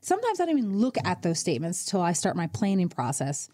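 A woman's voice: on the low side, wildly swooping pitch, quick pace, mellow. A woman hosting a radio show as a financial advisor, coaching listeners in a direct, conversational way. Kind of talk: conversational radio advice talk.

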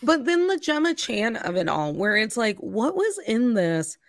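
A woman co-hosting a casual film chat, lively and joking, with casual swearing. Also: a little high, a little slow, no echo. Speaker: podcast co-host.

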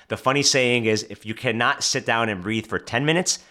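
A man's voice: mid-range voice, animated, normal speed, few pauses, pushed and bright. A man hosting a motivational podcast, talking straight to the listener and repeating phrases for emphasis. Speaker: podcast host.

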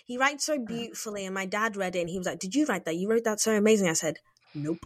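A woman's voice: mid-range voice, quick pace, no echo, clean studio sound. A woman co-hosting a casual podcast, teasing and laughing playfully. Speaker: podcast co-host. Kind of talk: casual chat.

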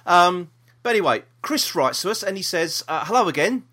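South east london guy on a podcast, reads emails out, lots of ums, bouncy bright voice. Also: high-pitched, very animated, a little fast. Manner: chatty, reads aloud with many ums and restarts. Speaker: podcast co-host. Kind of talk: casual chat, reading listener email.

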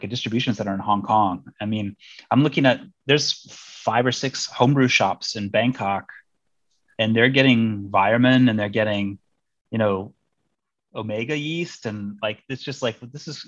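A man's voice: fairly low pitch, animated, normal speed, no echo, lo-fi sound. A man from Missouri, a diplomat, chatting casually as an interview guest, rambling with many fillers and restarts. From Missouri, United States.

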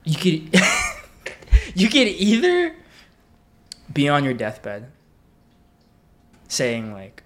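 A man's voice: on the high side, wildly swooping pitch, extremely slow, long pauses. A man co-hosting a podcast in casual chat, handing out advice in an earnest, laid-back way. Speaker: podcast co-host.

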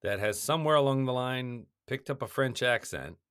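A man co-hosting a casual movie discussion, animated, with acted-out reactions. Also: mid-range voice, normal speed, smooth, no echo, studio quality. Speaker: podcast co-host.

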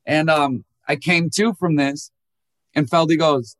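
A man's voice: unhurried, dry recording. A young man, a musician guest, telling candid and emotional stories and acting out quoted people in a raised voice. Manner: animated storyteller who acts out quotes in a higher voice. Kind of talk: candid emotional interview talk.

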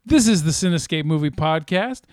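A man's voice: fairly high pitch, animated, normal speed, very noisy. A man hosting a movie podcast, playful and teasing, with jokey asides. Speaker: podcast host. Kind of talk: casual chat.

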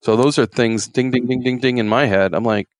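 A man's voice: mid-range voice, fairly even intonation, a little fast, no echo. A man, a former game warden, telling stories in a rambling, folksy way with many fillers. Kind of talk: casual storytelling interview.

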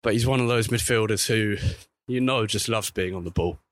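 A man's voice: a little fast, a little hiss or hum. A man reporting on football while walking outdoors, chatting casually and correcting himself as he goes. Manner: chatty, self-correcting, lively pitch swings. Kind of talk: walking vlog commentary. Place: outdoors by a street.

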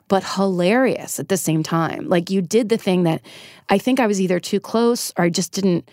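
Her voice is fairly low and a little mellow, captured in studio quality with no room sound. She is a middle-aged guest, a comedian and TV writer from Northern California, conversationally sharing a personal story with candor and emotion, with the occasional swear.

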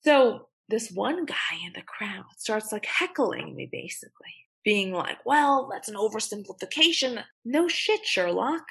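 A woman's voice: mid-range voice, very animated, measured pace, vocal fry, few pauses, breathy edge. A young woman attorney speaking as a guest in a podcast interview, blunt and emphatic, swearing freely. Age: young adult.

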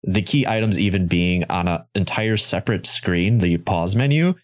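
A man's voice: sits low, normal speed. A man co-hosting a casual game discussion, criticizing a game bluntly and with swearing. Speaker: podcast co-host.

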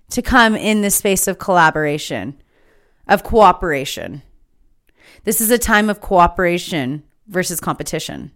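A woman's voice: on the low side, expressive, measured pace, fairly bright tone. A woman hosting her own podcast, giving an impassioned, emphatic spiritual monologue that is full of swearing. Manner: fired-up, emphatic, swears freely. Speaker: podcast host.

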